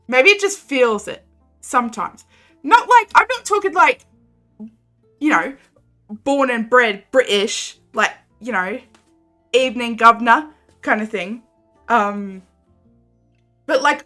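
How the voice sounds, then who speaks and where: A woman's voice: a little high, sharp tone. A woman chatting casually with her viewers while playing a game, rambling and giggly. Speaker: game streamer. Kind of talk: casual live-stream chat while playing. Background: faint game music.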